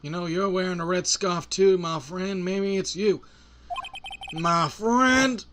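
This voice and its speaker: A man's voice: sits high, slow pace, very noisy, pitched above the performer's own voice. A man doing a drawling cowboy cop. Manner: folksy Southern drawl with Spanish words thrown in. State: strained throat. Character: drawling cowboy police officer, laid-back man. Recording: game music playing behind.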